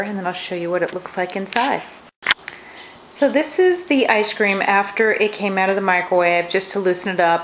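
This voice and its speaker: A middle-aged woman with a lowish voice walks through a recipe in her home kitchen, chatty and homey. Her talk is casual and loose, full of small asides, with a faint hiss of noise behind her. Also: rough recording. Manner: chatty and homey, with fillers like "you know". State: talking with mouth full at times. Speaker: home cook demonstrating a recipe. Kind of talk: casual cooking demonstration.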